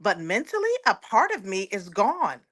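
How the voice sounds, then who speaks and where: A woman's voice: medium pitch, big pitch swings, normal speed, fairly bright tone, breathy edge. A woman, a guest giving an earnest personal testimony and often quoting others aloud. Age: 40s. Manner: earnest, repeats words, quotes others aloud.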